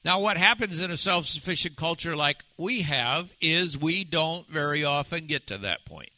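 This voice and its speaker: A man preaching a sermon, asking his listeners one rhetorical question after another and turning soft and slow to stress key words. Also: on the high side, expressive, no room sound, poor audio. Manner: asks the audience many rhetorical questions. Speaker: pastor.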